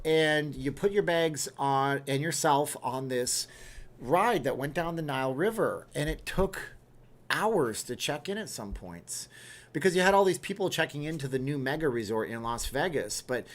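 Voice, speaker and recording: A man's voice: fairly high pitch, animated, normal speed. A man in his thirties hosting a casual livestream, reading viewer comments aloud and answering them. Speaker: livestream host.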